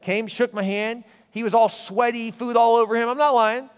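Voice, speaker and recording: A man preaching a sermon as pastor, telling stories in an animated way. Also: moderate pace, clean tone, long reverb tail. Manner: animated storytelling, voice rising high in anecdotes.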